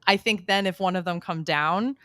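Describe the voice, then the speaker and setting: A woman's voice: fairly low pitch, moderate pace, fairly bright tone, dry recording. Chatty woman podcast co-host, dry sound. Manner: chatty, speculative, laughs often. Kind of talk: casual chat about reality TV.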